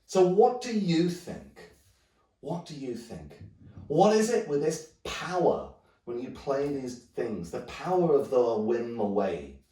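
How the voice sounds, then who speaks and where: A man's voice: mid-range voice, sing-song, slow, warm tone. A man, a hand drum teacher thinking aloud in a rambling way with many restarts. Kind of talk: musing talk to camera. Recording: roomy echo, mic at a distance.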